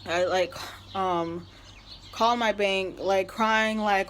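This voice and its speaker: A woman's voice: mid-range voice, steady tone, takes it slowly, fairly bright tone, slight background noise. A young woman telling a story in a casual, exasperated rant, peppered with filler words. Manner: chatty, exasperated, heavy use of "like". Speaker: vlogger.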